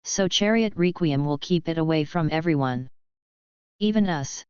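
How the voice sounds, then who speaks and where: A woman reading a calm, firm young gang boss. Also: deep voice, moderate pace, smooth, no room sound, muffled recording, close to an everyday voice. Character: calm, commanding young male gang leader.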